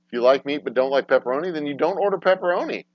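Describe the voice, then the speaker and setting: A man hosting a casual livestream talk show, swearing freely and swinging between low, mumbled asides and loud, exasperated rants. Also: no echo. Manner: profane, ranting, swings from mumbling to loud outbursts. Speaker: podcast host. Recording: dry, dull lo-fi sound.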